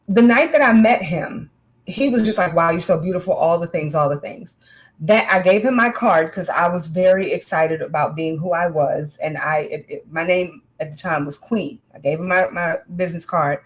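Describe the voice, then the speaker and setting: A woman in casual chat, telling a candid personal story with animated, frank delivery. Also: fairly low pitch, rough recording.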